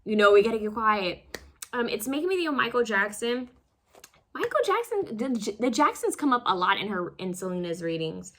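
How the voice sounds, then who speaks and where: Bright-voiced woman giving a rambling card reading. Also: fairly high pitch, sing-song, a little fast. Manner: rambling, full of fillers and restarts; self-conscious, fumbles over words. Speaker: tarot card reader. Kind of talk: casual pick-a-card reading.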